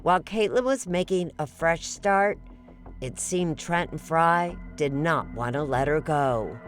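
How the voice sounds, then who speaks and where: A woman correspondent narrating a true-crime report and asking interview questions in a measured, deliberate way. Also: deep voice, expressive, faint music behind.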